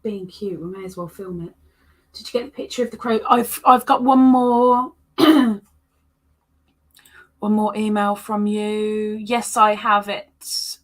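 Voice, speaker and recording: A woman's voice: medium pitch, a little slow, long pauses. A woman hosting a casual crochet livestream, chatting playfully with viewers and with her pets.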